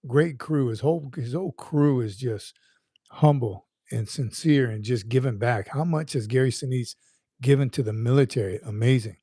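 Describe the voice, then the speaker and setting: A man's voice: medium pitch, moderate pace, dark tone, slightly rough, dry recording, studio quality. A man hosting a casual livestream, greeting viewers by name in an upbeat, folksy, rambling way. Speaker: livestream host.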